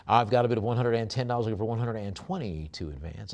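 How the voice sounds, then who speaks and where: A man's voice: on the low side, fast, a little mellow. A man working as an auctioneer at a live sale, describing each lot with chatty, rambling asides and then rattling off bid calls.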